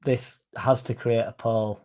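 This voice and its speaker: With a measured pace and level tone, his medium-pitched voice has a slightly mellow quality. The young man runs a fan stream in a loose, chatty way, occasionally cursing as he reads viewers' comments aloud.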